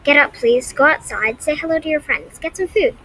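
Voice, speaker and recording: A woman's voice: high voice, brisk, bright, forceful tone, a little hiss or hum, rough recording. Woman reading a firm schoolteacher. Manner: firm and commanding. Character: stern female schoolteacher.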